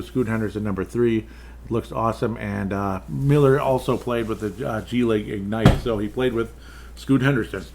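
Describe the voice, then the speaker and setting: A man's voice: on the low side, a little mellow, a little hiss or hum. A man hosting a casual solo sports podcast, rambling and interrupting himself, with offhand rants and frequent chuckles. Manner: rambling, self-interrupting, digressive; chuckles often, offhand ranting. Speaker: podcast host.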